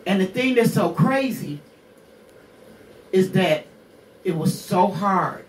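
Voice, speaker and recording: A woman's voice: mid-range voice, expressive, slow pace, echoey room, far from the mic, a little hiss or hum. A woman in her sixties hosting a radio show, telling her own hard story bluntly, with curses and rhetorical questions. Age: 60s. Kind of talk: candid personal monologue.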